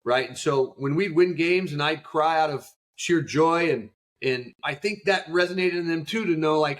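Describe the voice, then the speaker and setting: Man, middle-aged, youth coach, emotional storyteller, fired up, slightly high voice. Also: normal speed, hardly any pauses. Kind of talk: podcast interview.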